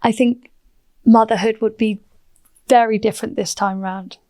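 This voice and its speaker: A woman, chatting as a podcast guest, animated and quick to laugh. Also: on the high side, dry recording. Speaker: podcast guest, property entrepreneur. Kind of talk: casual interview chat.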